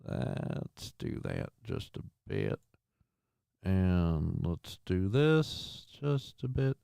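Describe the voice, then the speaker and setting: A man's voice: sits low, drawn-out words, gravelly, clean tone, dry recording, studio quality. A man hosting a casual livestream show, rambling with many fillers and crude jokes as he reads the chat. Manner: gets loud and excited over news figures.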